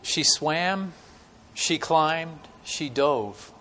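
With a sharp tone and a voice on the high side, a male guest preacher addresses a congregation. His sermon is told through stories in a conversational manner, full of fillers and dramatic pauses.

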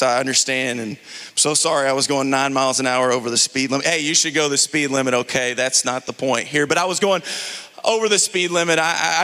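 A man from the Houston area, a pastor preaching a sermon to a congregation, telling a humorous story with animated restarts. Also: high-pitched, big-room sound. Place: church sanctuary before a congregation.

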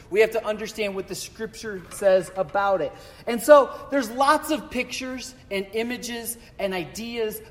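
High-voiced joking pastor in an echoing church. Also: male voice. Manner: chatty, joking, self-deprecating asides. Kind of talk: casual humorous sermon. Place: church sanctuary.

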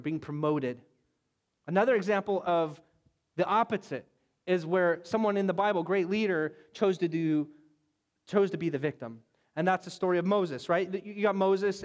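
Animated high-voiced male preacher. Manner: animated storytelling, acts out biblical voices. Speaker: pastor. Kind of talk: sermon.

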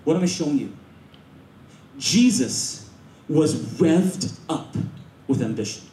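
High-voiced male pastor preaching in an echoey hall. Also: takes it slowly, slight background noise. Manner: energetic, repetitive call-and-response preaching; switches to Mandarin phrases. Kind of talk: sermon. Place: church auditorium. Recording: echoey church auditorium.

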